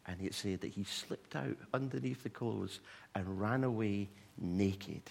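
A man preaching a sermon, retelling stories in an animated way with humorous asides to the congregation. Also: on the low side, a little slow, vocal fry. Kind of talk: sermon storytelling.

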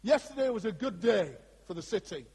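A man preaching a sermon to a congregation in an animated, conversational way, with asides to his listeners. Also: high-pitched, brisk, slightly rough. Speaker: pastor. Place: church before a congregation. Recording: long hall reverb.

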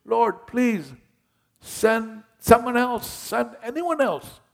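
A preacher voicing Moses as a nervous old prophet, pleading that he stammers. The voice rises high and anxious over a gravelly base and a slow, deliberate pace. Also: lively intonation, full character voice. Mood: flustered. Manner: anxious, pleading, higher-pitched.

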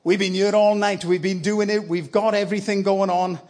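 A man's voice: sits high, flat delivery, normal speed, darkish tone, close to an everyday voice. A man voicing a tired, fed-up fisherman who grumbles. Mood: protesting. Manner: weary and grumbling.

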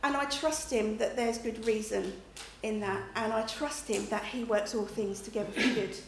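A middle-aged woman with a slightly high, steady, gravelly voice preaches at a moderate pace. Her sermon is chatty and conversational, with frequent "okay?" and "you know" check-ins, captured in an echoey room with faint background noise.

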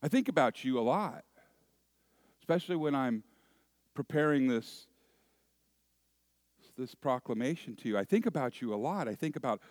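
A man's voice: mid-range voice, expressive, moderate pace, pauses often, a little mellow, no room sound, studio quality. A man preaching a sermon, telling a story with acted asides and asking the congregation questions. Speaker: pastor.

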